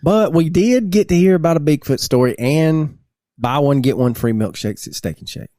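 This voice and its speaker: A man's voice: a little high, moderate pace, dark tone, dry recording, studio quality. A man, a podcast co-host and teacher, telling stories casually and laughing through them. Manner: laid-back, laughs through his stories. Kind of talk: casual storytelling chat.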